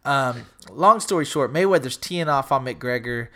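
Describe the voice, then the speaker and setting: A young man co-hosting a casual podcast, telling a story with lots of swearing and acting out the shouting. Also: mid-range voice, moderate pace. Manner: animated storyteller, swears a lot, acts out shouting. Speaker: podcast co-host.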